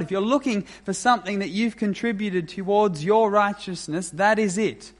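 A man preaching a sermon as pastor, measured and emphatic, with deliberate pauses. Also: high voice.

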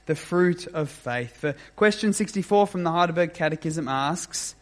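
A man preaching a sermon as pastor, measured and emphatic, with deliberate pauses. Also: a little high.

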